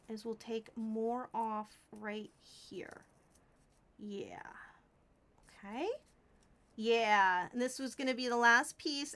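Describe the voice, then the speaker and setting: A chatty woman in her thirties streams from home, talking through her crafting in a high, bright-pitched voice. She gushes over her viewers and thanks them often, keeping it loose and casual. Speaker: Twitch streamer. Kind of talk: casual live-stream chat while crafting.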